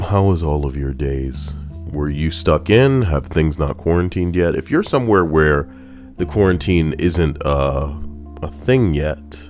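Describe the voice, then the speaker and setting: Young man, very low voice, rambling sarcastic commentary, faint music behind. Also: expressive, a little slow, darkish tone. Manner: sarcastic, rambling, loose asides. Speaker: video host reading forum posts.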